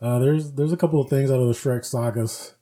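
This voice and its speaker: A man co-hosting a casual podcast, telling stories with lively acted-out quotes. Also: medium pitch, a little fast. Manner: animated storyteller, acts out quotes. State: recovering from flu. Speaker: podcast co-host. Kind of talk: casual chat.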